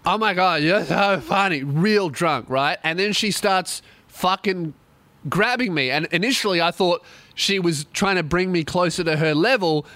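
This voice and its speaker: A man's voice: high voice, measured pace, bright, forceful tone, no room sound. A young man telling a profane comic story, laughing often. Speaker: comedian host.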